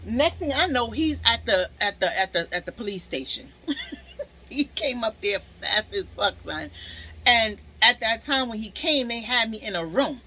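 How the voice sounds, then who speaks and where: A young woman telling a storytime to her viewers in a casual, animated way, swearing freely. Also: on the high side, moderate pace, slightly rough, low-quality recording.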